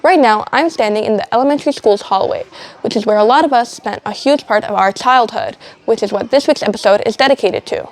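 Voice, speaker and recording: A teenage girl with a slightly high voice hosts a student show. She keeps breaking into giggles and restarting her lines, flustered but cheerful. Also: a little fast. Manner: giggly, flustered by slip-ups. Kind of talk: outtakes of a school show.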